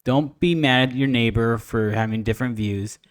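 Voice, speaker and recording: A man chatting casually on a podcast, voice sitting in an ordinary middle range. The sound is dry and close, with no room around it. He tells stories with energy and jumps into higher voices to mimic people. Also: moderate pace, clean tone, no echo. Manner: animated storyteller, mimics others in raised voice. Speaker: podcast co-host. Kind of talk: casual chat.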